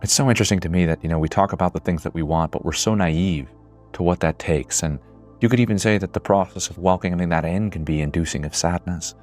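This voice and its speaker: A man's voice: low-pitched, fast talker, darkish tone, faint music behind. A man in his twenties giving an earnest, reflective monologue, swearing casually at times. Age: 20s. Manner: earnest, builds to emotional intensity. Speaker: speaker.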